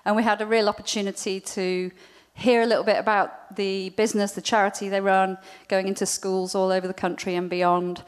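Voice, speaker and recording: Flat-voiced woman in a reverberant hall. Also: medium pitch, fairly quick, clear, resonant tone. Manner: chatty, with frequent ums and asides. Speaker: conference participant sharing a story. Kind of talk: spoken testimony to an audience.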